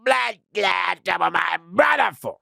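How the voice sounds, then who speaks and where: A man voicing an aggressive male prison gang heavy who shouts threats in a high, strained voice. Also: lively intonation, unhurried, vocal fry, dry recording, heavily acted. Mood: menacing.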